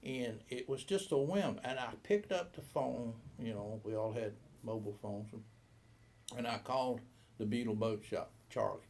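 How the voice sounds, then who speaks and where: Older man in his 70s, gravelly, rambling interview storyteller who voices the other people in his tales. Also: medium pitch, moderate pace, darkish tone. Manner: rambling anecdotal, acts out quoted dialogue. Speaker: boat shop owner.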